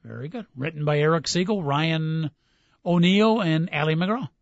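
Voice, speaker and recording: Upbeat radio host, slightly higher voice. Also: male voice, normal speed, creaky, no echo. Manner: upbeat quizzing, reads lines aloud, laughs easily. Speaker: radio sports talk host. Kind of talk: casual radio chat. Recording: dull dry studio sound.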